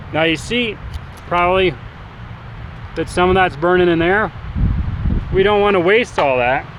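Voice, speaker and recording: Guy showing a survival trick outside, kinda high voice, lots of uh's, windy noisy background. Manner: relaxed, halting, with many fillers and restarts. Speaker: survival instructor. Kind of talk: outdoor demonstration. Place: outdoors, windy. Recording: noisy outdoor recording. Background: wind and outdoor noise.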